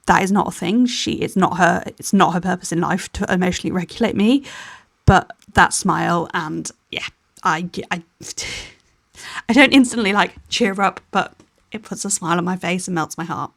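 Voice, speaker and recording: A young woman talks in a tired, candid voiceover that wanders and restarts. Her voice has a gravelly, fry-edged texture. It is recorded close up in a dry space. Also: on the low side, normal speed, no room sound. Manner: candid, rambling with restarts and little laughs. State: tired, yawning. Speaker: planner vlogger. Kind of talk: personal voiceover chat.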